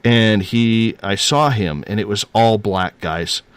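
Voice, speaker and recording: A man with a fairly low voice recounts a spirit encounter, rambling and earnest, circling back on his words with casual slang. The sound is dry and close, with no room around him. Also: slow, clear, resonant tone, no room sound. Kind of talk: personal paranormal storytelling.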